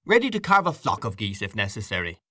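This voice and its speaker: A courteous middle-aged gentleman from an audiobook, polite and eager as he serves the table, as the male narrator puts him on. His lines lift with animated pitch. The sound is dry and close. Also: quick pace, no echo, full character voice.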